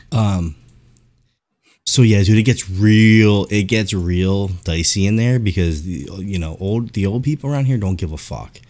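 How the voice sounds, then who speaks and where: A low-pitched man hosting a podcast, spinning animated anecdotes in casual chat. He swears a lot and talks with loose, easy energy. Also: normal speed. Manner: animated, profane storytelling. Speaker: podcast host.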